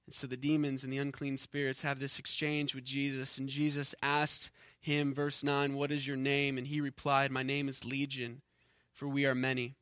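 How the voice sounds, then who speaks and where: A man preaching a sermon as pastor, earnest, rising to forceful emphasis and then dropping low and quiet, often repeating words as he restarts. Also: monotone, normal speed, clean tone, dry recording, studio quality.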